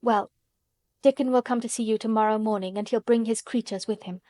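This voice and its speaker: A woman's voice: a little high, steady tone, fairly quick, warm tone, no echo, studio quality, close to an everyday voice. Narrator voicing a frank, plain-spoken little girl, stubborn streak. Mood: solemn.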